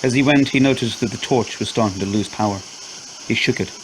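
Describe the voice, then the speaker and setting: A man narrating a scripted horror story in a steady, measured way. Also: mid-range voice, slight background noise, poor audio.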